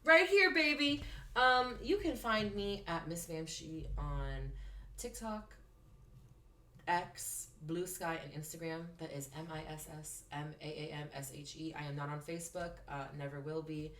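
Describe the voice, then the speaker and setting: Young drag performer, low voice, chatty storyteller, recorded in an echoey room off-mic. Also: female voice, measured pace, slight background noise. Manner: chatty storyteller, lots of "like", animated impressions. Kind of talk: casual chat.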